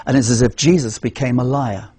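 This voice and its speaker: A man's voice: mid-range voice, fairly even intonation, fairly quick, warm tone, slightly rough, dry recording. An English man demonstrating a gospel presentation, earnest, asking rhetorical questions and answering them himself. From England. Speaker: evangelism trainer.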